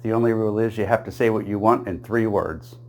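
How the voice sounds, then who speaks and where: A man's voice: on the low side, steady tone, fast, darkish tone, slight background noise. A man telling a string of jokes in a plain storytelling voice, chuckling at his own punchlines and switching briefly into small character voices for the quoted lines. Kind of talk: joke-telling monologue.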